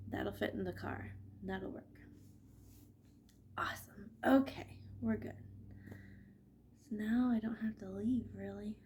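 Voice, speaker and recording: A woman's voice: mid-range voice, a little mellow, a little hiss or hum. A woman vlogging casually about her knitting, chatty and laughing often, with a stuffy nose from allergies. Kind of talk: casual chat.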